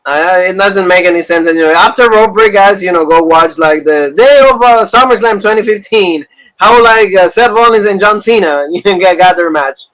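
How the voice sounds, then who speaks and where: A man co-hosting a casual wrestling review show, talking in animated rants full of fillers and repeated phrases. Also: sits high, normal speed, poor audio. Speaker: podcast co-host.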